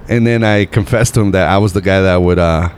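A man's voice: deep voice, brisk, slight background noise. A man in his thirties from Northern Nevada, a comedian guest telling stories casually and laughing at his own tales. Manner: animated, laughs at his own stories, says bro and dude. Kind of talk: casual storytelling.

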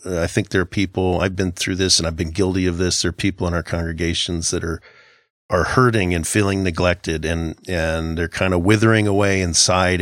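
A man's voice: sits low, a bit bright, no echo, clean studio sound. A middle-aged man co-hosting a casual Christian podcast, talking in an earnest, reflective way with frequent halts and restarts. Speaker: podcast co-host.

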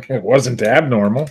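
A man's voice: medium pitch, darkish tone. A man co-hosting a podcast, teasing the others and laughing often in casual chat. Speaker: podcast co-host.

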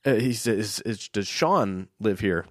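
Low-voiced man telling a rambling story. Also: lively intonation, measured pace, no room sound, studio quality. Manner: rambling, many fillers and restarts. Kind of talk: casual storytelling chat.

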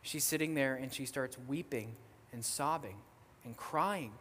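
A young man, a missionary guest speaker, tells a story in a sermon, lively and casual with frequent fillers. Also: mid-range voice, measured pace, slightly rough, in a large hall. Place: church sanctuary.

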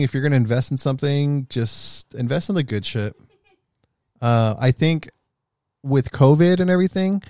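A man in casual chat, telling stories with lots of swearing, animated and often laughing. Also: medium pitch, no echo, studio quality. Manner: animated, profane storyteller who gets loud and laughs.

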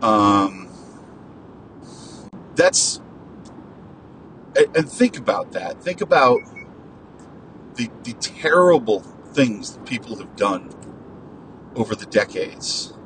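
A man talks alone in an unhurried, meandering way, full of ums, false starts and the odd curse word. He is casual and chatty, like a host thinking aloud. A faint low rumble runs behind the voice. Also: lively intonation, a bit bright, low-quality recording. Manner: digressive, many fillers and restarts, casual swearing. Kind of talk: rambling solo commentary.

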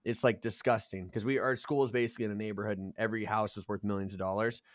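A man in his twenties telling a wild party story on a casual podcast, profane and animated, getting loud at the punchlines. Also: on the low side, fast, no echo, clean studio sound.

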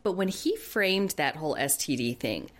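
Blunt, fired-up woman with a low voice. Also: big pitch swings, normal speed. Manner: indignant, blunt, swears freely. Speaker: podcast co-host. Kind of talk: casual reality-TV recap chat.

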